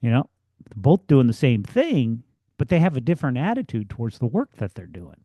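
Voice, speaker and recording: A man hosting a ministry podcast, speaking in a relaxed storytelling way and often restarting his sentences. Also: medium pitch, a little fast, dry recording. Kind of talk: casual faith-based conversation.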